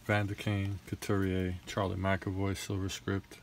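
A young man with a fairly low voice, reeling off names as he opens packs and grumbling between them. His delivery is casual and exasperated, with a faint hiss of room noise behind him. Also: monotone, unhurried, creaky. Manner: rattles off names, frustrated and grumbling. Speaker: card collector opening packs. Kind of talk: casual card-opening commentary.

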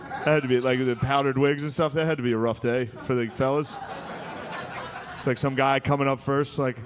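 A man in his thirties doing stand-up comedy on a club stage, telling crude stories in a deadpan way and slipping into mocking voices. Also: medium pitch, brisk, a crowd in the background. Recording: live stage recording with audience noise. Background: audience laughter.

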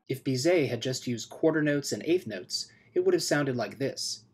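A man teaching music theory in a scripted video lesson, explaining clearly and steadily and chanting rhythm syllables. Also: medium pitch, lively intonation, moderate pace, few pauses. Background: music playing.

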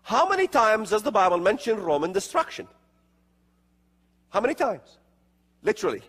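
A husky, high-pitched man lectures on prophecy in an emphatic, sweeping voice. He fires off rhetorical questions and sarcastic asides. The sound carries a long hall reverb. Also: big pitch swings, moderate pace, fairly bright tone. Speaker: religious speaker.

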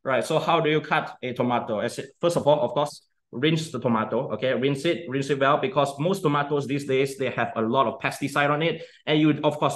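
A young man giving a casual cooking demonstration, chatty and often checking in with "okay?". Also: medium pitch. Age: young adult.

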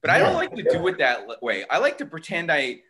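A man's voice: on the high side, wildly swooping pitch, fast, sharp tone. A man doing a self-deprecating, rambling stand-up set from his home over a video call, with chatty asides. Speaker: stand-up comedian.

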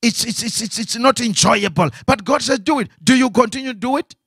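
A man's voice: very high voice, brisk, a bit bright, husky, no room sound, clean studio sound. A man preaching a sermon as pastor, asking rhetorical questions and repeating phrases.

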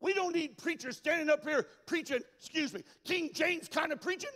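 A man preaching a folksy, emphatic sermon that builds to shouts in a large church. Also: very high-pitched, fairly quick, few pauses, in a large hall. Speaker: pastor.

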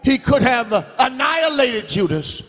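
A man preaching a revival sermon in a church, with an emphatic cadence that swings between shouted and sung phrases. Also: extremely high pitch, very animated, a little slow. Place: church sanctuary. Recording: long church hall reverb.

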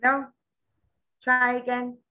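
A woman tutoring a young child one-on-one, patient and full of praise, repeating words slowly. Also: fairly high pitch, completely flat delivery, pushed and bright, dull audio. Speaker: English tutor.

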